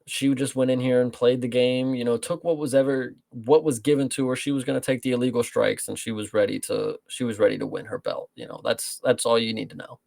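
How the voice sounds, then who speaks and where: A man's voice: mid-range voice, flat delivery, fairly quick, few pauses, darkish tone, no echo, studio quality. A man co-hosting a casual show breaking down fights, rambling and swearing freely. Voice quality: gravelly, profane, rambling. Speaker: co-host.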